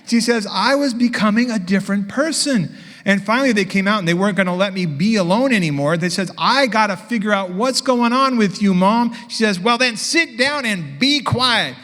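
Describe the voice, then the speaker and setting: A man preaching a sermon, telling a story with lively dialogue and acting out both sides. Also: sits high, brisk, in a large hall. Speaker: pastor.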